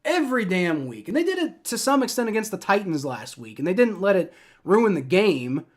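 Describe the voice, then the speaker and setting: A man's voice: sits high, big pitch swings, brisk. A young man hosting a live play-by-play reaction stream, ranting and swearing in frustration as a fan. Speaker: livestream reaction host.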